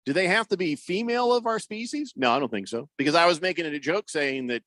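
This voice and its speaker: A man's voice: on the high side, animated, fast talker, a bit bright. A man hosting a sports talk radio show, rambling and joking with many fillers on a studio microphone.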